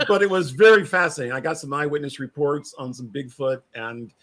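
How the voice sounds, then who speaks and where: A man's voice: on the high side, fairly quick, fairly bright tone. A man, a paranormal investigator, chatting as a guest on a podcast in a rambling, preachy way that repeats itself. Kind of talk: casual podcast chat.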